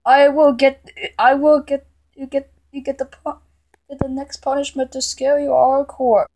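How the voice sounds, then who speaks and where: Girl doing a cranky computer error lady, high voice, keeps scolding and tripping over her words. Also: little pitch movement, normal speed, mellow, slight background noise. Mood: angry scolding. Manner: scolding, repeated threats, stammering restarts. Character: scolding female computer error, quick-tempered and bossy.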